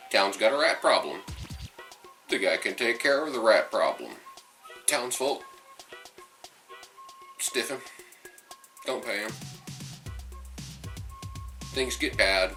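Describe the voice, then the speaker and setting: A man talks through a casual movie review in a bright, forceful voice, picked up from a little way off the mic. Faint music sits under him. He rambles and restarts, often breaking off his own sentences. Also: lowish voice, recorded from a distance. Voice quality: rambling, restarts and self-interruptions.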